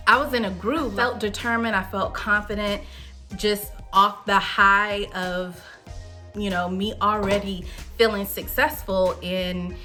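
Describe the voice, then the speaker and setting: A woman's voice: medium pitch, steady tone, a little slow, bright, forceful tone, soft background music. A woman in her thirties, host of a wine show, telling a personal story in a chatty, candid way. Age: 30s. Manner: chatty, candid, with frequent fillers.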